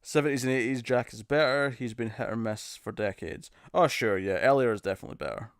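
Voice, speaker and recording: A man's voice: medium pitch, brisk, smooth, dry recording, studio quality. Chatty British man on a live stream. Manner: laughing, jokey, attempts bad celebrity impressions. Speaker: streamer host. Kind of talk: casual live-stream chat.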